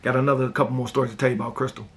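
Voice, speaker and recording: A man with a gravelly, rough-edged voice hosts a casual talk show. He tells family stories in a laid-back, rambling way and keeps dropping "man" and "you know." His voice sits at a middle pitch. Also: flat delivery, racing, a bit bright. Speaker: host. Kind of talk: casual personal storytelling.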